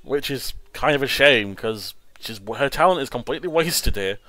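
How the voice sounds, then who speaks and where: A man hosting a casual movie riff commentary, animated and laughing, often restarting his sentences. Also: mid-range voice, moderate pace, dry recording. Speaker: host.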